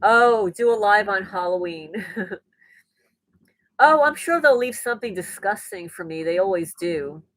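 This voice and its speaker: A woman, hosting a casual livestream from home, reading viewer comments in an animated way and often repeating her words. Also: medium pitch, a little slow, no room sound, poor audio. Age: 60s. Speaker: livestream host. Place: rural home indoors. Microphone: laptop mic.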